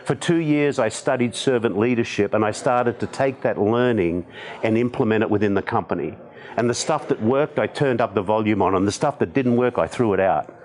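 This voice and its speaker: Low-voiced Australian man in his sixties. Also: fairly quick. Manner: animated, self-deprecating humor. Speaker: podcast guest. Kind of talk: conversational storytelling.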